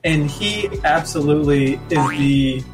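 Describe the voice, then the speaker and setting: A man's voice: a little high, a little slow, faint music behind. A man co-hosting a comedy podcast, reading out news and stumbling over his words in casual chat. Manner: hesitant, stammering, giggly. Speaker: podcast co-host.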